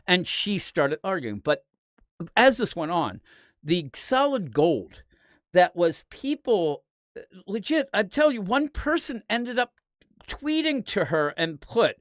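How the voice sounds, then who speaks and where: Animated, profane comics podcast host. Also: medium pitch, takes it slowly, no room sound, studio quality. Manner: rambling, animated, profane storytelling. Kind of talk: casual chat.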